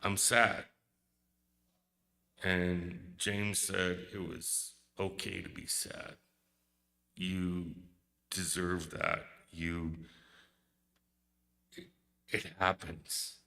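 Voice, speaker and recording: A man giving a hesitant, emotional memorial speech, pausing often and searching for words. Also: low-pitched, little pitch movement, gravelly, pushed and bright. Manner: hesitant, emotional, many pauses and fillers. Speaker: eulogy speaker. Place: memorial service hall. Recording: long hall reverb.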